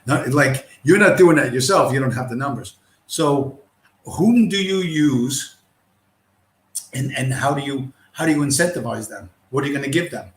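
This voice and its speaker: A man's voice: medium pitch, animated, normal speed. A man hosting a livestream, ranting in a profane, scornful and combative way. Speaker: livestream host. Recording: roomy echo.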